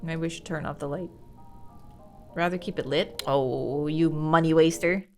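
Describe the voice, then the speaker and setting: A woman's voice: low-pitched, a little slow, soft background music. A woman giving casual let's-play commentary, chatting and thinking aloud as she plays, swearing when frustrated. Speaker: gaming streamer.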